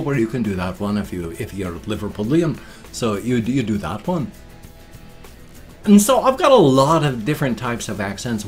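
Chatty, rambling man vlogger. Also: medium pitch. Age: 50s. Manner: rambling, chatty, easily sidetracked. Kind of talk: casual chat.

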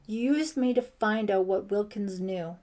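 A woman voicing a frightened, angry teenage girl in an audiobook, loud and accusing. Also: medium pitch, slow pace, natural voice. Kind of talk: audiobook character voice.

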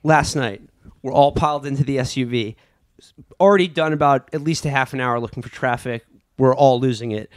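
A man from New York hosting a casual podcast, telling stories in an animated way and acting out quotes. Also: mid-range voice, a little fast, dry recording, studio quality. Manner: animated storyteller, acts out quotes, laughs a lot. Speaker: podcast host. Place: rented place in a city neighborhood.

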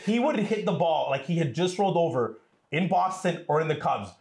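A man in his thirties, co-hosting a casual chat at home, recalling stories quickly and with enthusiasm. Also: a little high, expressive, darkish tone. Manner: rapid, enthusiastic recollection. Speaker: co-host, son of the host. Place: home room. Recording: roomy echo.

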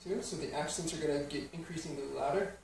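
In a roomy piano studio, a man teaches a music lesson, patiently explaining rhythm and counting the beats aloud. His voice is fairly high and creaky, and he talks fast. The mic sits at a distance, and a piano plays in the background.

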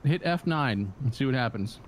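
A man co-hosting a gaming podcast, excitable and profane as he calls out plays. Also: mid-range voice, moderate pace, a little hiss or hum. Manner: excitable, swears freely, rallies teammates. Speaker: podcast co-host streaming a war game. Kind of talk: casual gaming chat.

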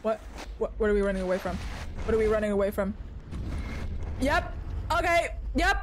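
A young woman streaming a video game, chatting casually and often yelling and laughing at what happens on screen. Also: mid-range voice, lively intonation, brisk, pauses often, a little hiss or hum. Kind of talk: casual gameplay commentary. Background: game music.

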